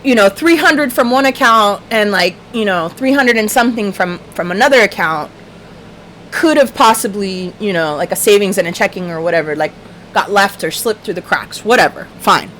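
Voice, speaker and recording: A woman's voice: mid-range voice, animated, moderate pace, fairly bright tone, a little hiss or hum. A woman hosting a livestream, telling a story in a casual, profane, ranting way. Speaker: livestream host.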